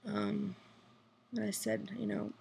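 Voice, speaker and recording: A woman's voice: mid-range voice, monotone, slow, vocal fry, mellow, slight background noise. A woman whispering a rambling video diary at night from a hospital room, full of fillers. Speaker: vlogger. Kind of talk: hushed personal video diary.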